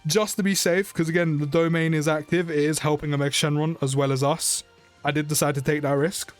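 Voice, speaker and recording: A young British man giving chatty, excitable gameplay commentary for his channel, often rambling and correcting himself. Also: on the high side, brisk, faint music behind. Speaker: mobile game YouTuber.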